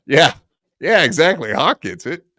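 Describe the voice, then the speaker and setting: A man's voice: on the high side, very animated, measured pace, pushed and bright, no echo, studio quality. A man hosting a podcast in casual chat, delivering profane, mocking rants. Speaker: podcast host.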